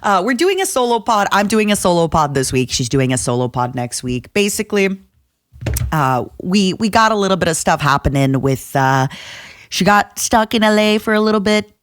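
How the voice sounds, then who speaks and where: A woman's voice: mid-range voice, very animated, moderate pace, no room sound. A young woman hosting a casual solo podcast, chatty and rambling, having just woken up. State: just woke up. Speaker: podcast host.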